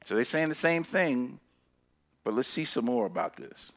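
A man preaching a sermon who reads scripture slowly and then talks casually, swinging between loud emphatic lines and hushed ones. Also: mid-range voice, sing-song. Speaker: pastor.

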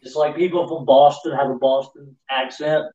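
A man in a casual podcast chat making quick, wry remarks. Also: medium pitch, steady tone, dark tone, echoey room, muffled recording.

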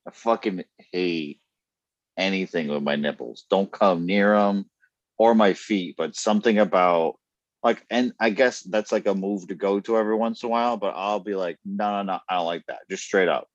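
Deep-voiced, blunt, swearing man. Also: moderate pace, no room sound, muffled recording. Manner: blunt, profane storytelling with laughs. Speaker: podcast guest. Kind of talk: casual chat.

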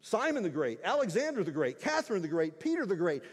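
A man's voice: high voice, big pitch swings, fast, hardly any pauses, slightly rough, in a large hall. A male pastor preaching a sermon in an emphatic, conversational way, weaving in stories and asides.

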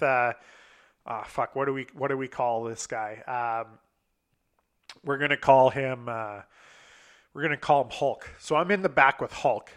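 A man's voice: mid-range voice, expressive, normal speed, pauses often, a bit bright. A young man telling a long personal story in a casual, rambling, profane way, acting out what others said.

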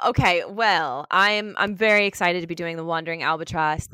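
A woman's voice: fairly low pitch, moderate pace, hardly any pauses, bright, forceful tone, smooth, no room sound. A woman co-hosting a podcast, giving quiz hints in casual chat, upbeat and encouraging, laughing easily. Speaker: podcast co-host.

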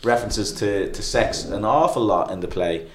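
Guy chatting away, lowish voice, keeps restarting himself, echoey room. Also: moderate pace, a little hiss or hum. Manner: rambling, frequent restarts and fillers. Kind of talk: casual chat.

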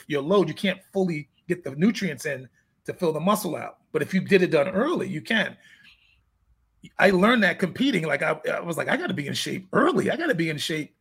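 A man's voice: a little high, creaky, breathy edge. A middle-aged man, a fitness coach, chatting casually and telling stories animatedly, acting out the dialogue. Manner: animated storyteller who acts out dialogue. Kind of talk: casual chat.

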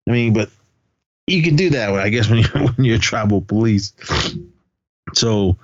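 A man with a low voice talks through a film's scenes in a loose, chatty way, quoting the characters as he goes. The recording is dry and slightly muffled, like a home podcast setup. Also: lively intonation, unhurried, no echo. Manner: retells scenes with quoted lines and laughs. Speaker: podcast co-host. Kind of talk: casual movie recap. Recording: dull lo-fi podcast audio.

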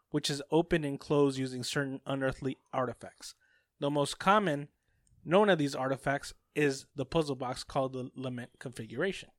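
A man's voice: on the high side, no room sound, studio quality. A man co-hosting a podcast, steadily reading out background facts. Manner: steady, reads facts aloud. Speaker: podcast co-host. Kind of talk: casual chat and reading notes.

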